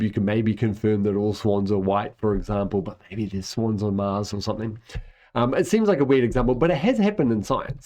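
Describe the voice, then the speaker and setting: A man's voice: medium pitch, darkish tone. A man giving an enthusiastic, conversational science lesson, often checking in with "right?". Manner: enthusiastic and conversational, with tag questions. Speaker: lecturer. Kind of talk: educational explainer.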